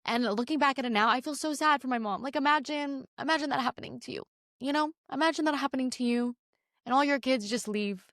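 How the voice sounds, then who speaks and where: A young woman talks quickly and candidly, as if telling a story on her own podcast. She rambles and fills her sentences with "like." The sound is dry and close to the mic, with no room around it. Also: high-pitched, fairly bright tone, no room sound. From Canada. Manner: rambling, many "like"s, emphatic and candid. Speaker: podcast host. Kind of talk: casual storytelling monologue.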